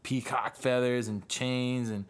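A man's voice: medium pitch, flat delivery, slow pace, clear, resonant tone. Rambling casual guy hosting a podcast. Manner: rambling, swears often, fills with "like". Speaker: podcast host, musician. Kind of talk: casual chat.

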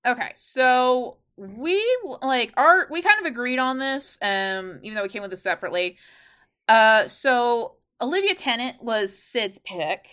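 Chatty woman with a high voice. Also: lively intonation, measured pace, fairly bright tone, smooth. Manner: chatty, heavy use of "like" fillers. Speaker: podcast co-host. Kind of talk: casual chat.

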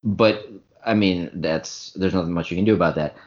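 A man's voice: sits low, moderate pace, darkish tone. A man co-hosting a podcast in casual chat, emphatic and opinionated. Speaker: podcast co-host. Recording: dull lo-fi sound.

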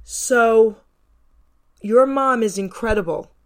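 A woman's voice: on the high side, slow pace. A woman from New Jersey hosting a radio show, interviewing a guest casually, enthusiastic and effusive, firing off several questions in a row.

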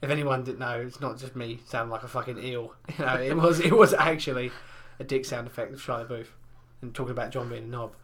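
A young man with a medium-pitched, slightly bright voice talks fast with few pauses as a podcast co-host. In casual chat he tells rambling, crude stories full of fillers.

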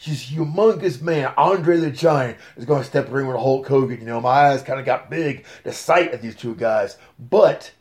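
A man, telling stories as an interview guest in a casual podcast chat, excitable and full of fillers. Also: medium pitch, normal speed, hardly any pauses. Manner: excitable storyteller, lots of fillers.

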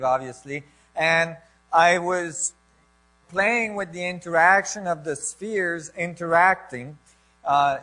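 A man explaining science ideas in a lecture style, halting and searching for words, with frequent restarts. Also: a little high, sharp tone. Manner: enthusiastic about the ideas. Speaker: speaker on physics and biology.

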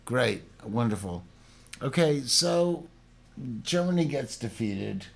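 A man in casual chat, laid-back and halting, full of ums as he thinks aloud. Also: mid-range voice, animated, gravelly.

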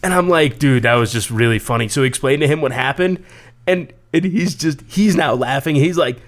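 A young man telling a story on a casual podcast, swearing freely and acting out what people said in loud, raised voices. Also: brisk. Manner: profane, animated, acts out quotes in loud high voices. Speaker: podcast co-host.

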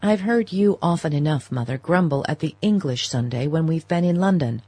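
Brief: woman reading an impatient young society man, low husky tone, dry sound. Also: animated, normal speed, mellow, dry recording. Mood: exasperated. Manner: impatient, arguing. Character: exasperated young gentleman, her grown son. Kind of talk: audiobook character reading.

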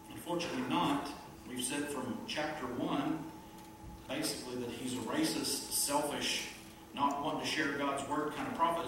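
A pastor delivering an emphatic sermon to a small congregation, with a bright, forceful voice, peppering the talk with rhetorical questions and playful asides. The sound is very echoey and picked up from a distance, with faint noise underneath. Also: medium pitch.

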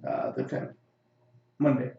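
A man's voice: a little slow, reverberant, dull audio. A man in a casual chat, teasing his friend with crude jokes.

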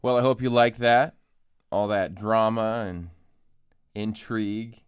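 A podcast host and author delivers a casual solo monologue from an empty room, joking and self-deprecating. His lowish voice is slow and smooth, captured on a studio microphone with studio quality and no echo.

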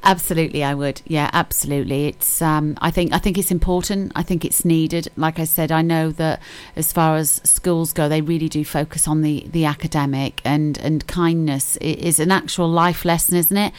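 A woman's voice: deep voice, steady tone, moderate pace, hardly any pauses, darkish tone, clean tone. A middle-aged woman hosting a radio chat show, chatty and giggly, often repeating her words. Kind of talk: casual chat.

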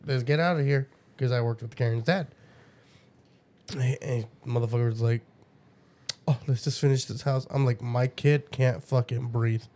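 Dad podcast guy swearing a lot, acting out what people said, normal pitch. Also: normal speed, long pauses, darkish tone. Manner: profane storytelling, acts out quotes. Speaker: podcast co-host; father. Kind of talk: casual podcast banter.

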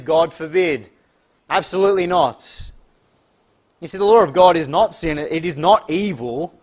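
A man preaching a sermon, reading scripture aloud in a deliberate, emphatic way and slowing down on key words. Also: fairly high pitch. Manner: reads scripture aloud in King James wording.

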